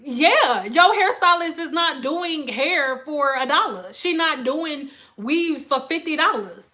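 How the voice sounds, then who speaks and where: A woman's voice: high-pitched, expressive, slow, pushed and bright. A woman hairstylist chatting on a live stream, speaking bluntly and emphatically and acting out her customers' lines in an exaggerated voice. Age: adult with school-age children. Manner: acts out quoted customers in an exaggerated voice. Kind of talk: casual live-stream chat.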